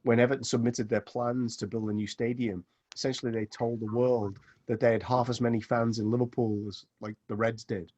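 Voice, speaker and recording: A man's voice: mid-range voice, flat delivery, brisk, a little mellow, muffled recording. A man hosting a podcast interview, jumping in with asides and teasing questions in casual chat. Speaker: podcast host.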